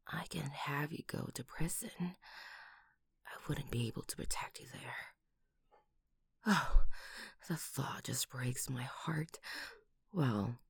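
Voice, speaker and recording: A low, husky, gravelly voice belongs to a doting lover who would kill anyone who hurts her partner, as a woman acts her out. It is a whispered role-play, slow and close to the microphone, with breathy whispers that break into loud outbursts. The pitch swings widely. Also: dry recording, exaggerated voice. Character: doting, protective, murderous young woman lover.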